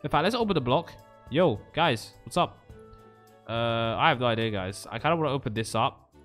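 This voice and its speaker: A young man in his twenties giving jokey, excitable Minecraft let's-play commentary, jumping between loud shouts and nervous muttering. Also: mid-range voice, moderate pace, soft background music. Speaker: gaming YouTuber.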